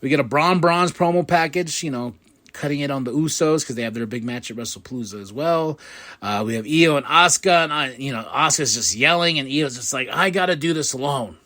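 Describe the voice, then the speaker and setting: This medium-pitched man hosts a podcast and runs through a recap in a loose, excited way, voicing the quotes he mentions with rapid impressions.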